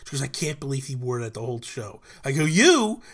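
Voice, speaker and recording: A man co-hosting a casual gaming podcast, telling stories with lots of laughter and excited jumps in his voice. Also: mid-range voice, fast talker. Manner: animated storytelling, laughing often. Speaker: podcast co-host. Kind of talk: casual chat.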